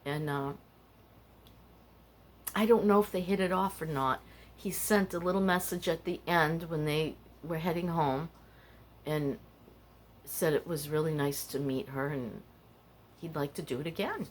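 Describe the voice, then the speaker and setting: A woman's voice: low voice, measured pace, long pauses, slight background noise. An older woman hosting a casual podcast, rambling and candid as she tells stories and confides her feelings. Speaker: podcast host. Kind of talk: casual personal chat.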